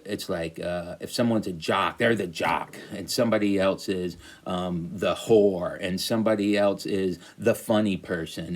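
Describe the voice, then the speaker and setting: A man's voice: lowish voice, darkish tone. A middle-aged man teaching a college literature lesson, talking casually with many fillers and restarts and lifting his voice on quoted lines. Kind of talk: recorded lecture on a poem.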